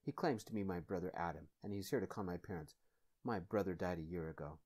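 A man voicing a hostile, scornful brother in a soft-spoken ASMR story. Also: low-pitched, fast. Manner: scowling, accusing.

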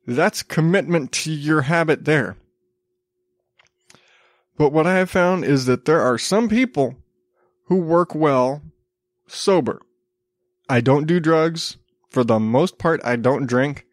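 A man's voice: fairly high pitch, slow pace, long pauses, no room sound. A man in his thirties hosting a solo podcast, chatting casually and rambling with frequent restarts. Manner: rambling, self-interrupting with restarts. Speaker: podcast host.

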